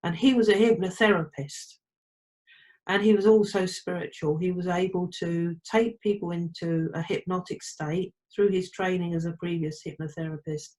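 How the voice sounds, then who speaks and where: A woman's voice: on the low side, steady tone, normal speed, a little mellow, rough recording. A middle-aged woman from England, a trance medium, telling her story in a chatty way and acting out old conversations. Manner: chatty, quotes conversations, frequent restarts. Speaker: trance medium and spirit artist. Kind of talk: casual storytelling interview.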